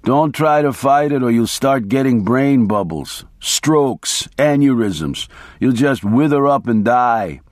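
A man reading the part of a wild, foul-mouthed lawyer who drawls out his crude warnings slowly and bluntly. The delivery is close and dry, with no room sound at all. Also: medium pitch, animated, a little mellow, no room sound. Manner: profane, blunt, slow and emphatic. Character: wild-talking male lawyer, reckless and coarse.

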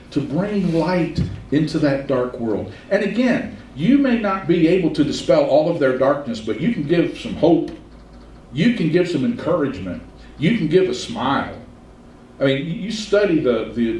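Male pastor, folksy sermon delivery, drawn-out emphasis, distant mic in a reverberant sanctuary. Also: a little high, darkish tone, a little hiss or hum. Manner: folksy storytelling, slows for emphasis. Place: church sanctuary. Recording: roomy church sound from a distance.

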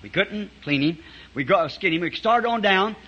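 On a dull, muffled 1960s sermon tape, a man with a high, sharp voice preaches to a church congregation. He tells a story-driven sermon in a folksy way, chuckling often, with lively intonation at a moderate pace.

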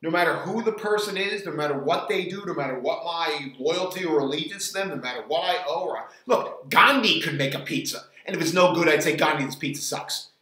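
Rambling high-voiced man in an echoey room. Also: sharp tone. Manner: rambling, halting, restarts often. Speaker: frozen pizza reviewer. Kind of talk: casual review vlog. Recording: roomy echo.

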